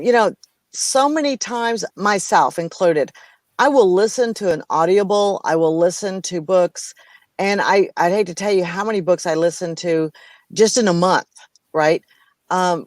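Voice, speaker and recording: A middle-aged American woman co-hosting a casual business chat, telling stories in an animated way, slipping into playful voices and laughing. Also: lowish voice, dry recording. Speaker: co-host of a business talk show.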